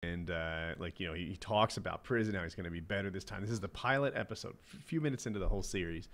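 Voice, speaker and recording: A man's voice: on the low side, fast talker. A man in casual podcast chat, talking loosely with lots of fillers and laughter. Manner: lively, laughing, lots of "like" and "you know".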